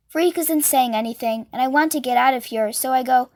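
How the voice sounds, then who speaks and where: Casting: high-pitched woman, storybook reader, does all the voices. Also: brisk, a little mellow. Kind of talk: reading a novel aloud.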